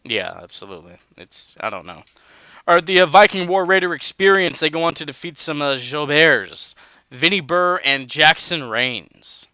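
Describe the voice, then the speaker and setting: Man, podcast host, laid-back, bright tense tone, dry close mic. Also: fairly high pitch, lively intonation, moderate pace, clear, resonant tone, no echo. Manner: laid-back, says dude and man, reads out results. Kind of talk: casual wrestling chat.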